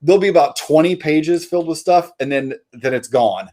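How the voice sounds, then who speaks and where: A man's voice: a little high, normal speed, dark tone. A man, a comic artist guest, chatting casually in an interview and rambling with many fillers and restarts.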